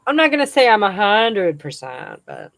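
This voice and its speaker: A woman's voice: mid-range voice, sing-song, moderate pace, fairly bright tone, rough recording. A woman hosting a live chat outdoors, casually reading viewer comments aloud and laughing often.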